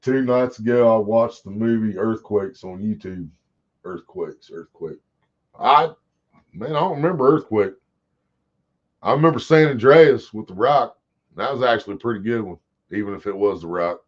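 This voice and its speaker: A man's voice: lowish voice, moderate pace. A man hosting a casual livestream, rambling and swearing as he talks to his chat. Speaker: livestream host. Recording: dull lo-fi stream audio.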